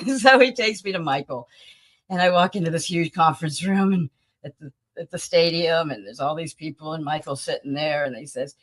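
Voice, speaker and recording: A woman in her sixties, a talent agency founder, telling lively stories from her career as an interview guest. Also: on the low side, moderate pace. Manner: animated storyteller who acts out the people in her stories. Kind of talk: anecdotal interview storytelling.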